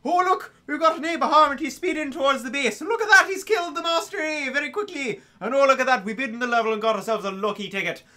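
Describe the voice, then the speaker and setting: A British man voicing a cheery stage-Irish man who narrates a video game in a high, loud, sing-song put-on Irish accent. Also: quick pace, few pauses, heavily acted. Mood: jolly.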